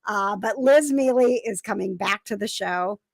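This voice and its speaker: A woman's voice: mid-range voice, normal speed, creaky, no room sound. A woman hosting a talk show, chatting casually with lots of fillers and laughter. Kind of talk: casual chat.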